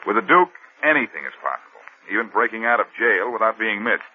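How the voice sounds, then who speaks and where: Wheedling informer, very low, lively, tinny old radio broadcast. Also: male voice, fast, breathy edge. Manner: pushy, wheedling. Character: smooth-talking male street informer. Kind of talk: 1940s radio acting.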